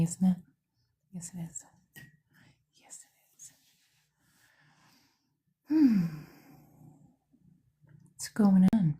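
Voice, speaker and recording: A woman's voice: medium pitch, extremely slow, pauses often, dark tone, husky. A woman, hosting a livestream, half-whispering in a casual chat and greeting viewers by name in her home studio. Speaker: psychic medium livestream host.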